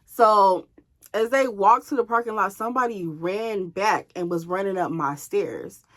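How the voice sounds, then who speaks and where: A woman vlogger telling a personal story to her viewers in an animated, casual way, swearing freely. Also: medium pitch, a little slow, a little hiss or hum.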